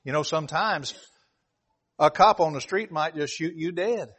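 A man's voice: fairly high pitch, moderate pace, a bit bright, breathy edge. A man preaching a sermon, emphatic and repeating key phrases as he reads scripture aloud.

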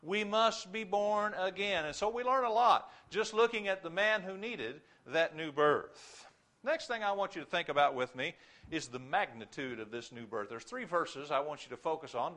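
Male preacher with a high, bright voice, emphatic, hammers key words in his sermon.

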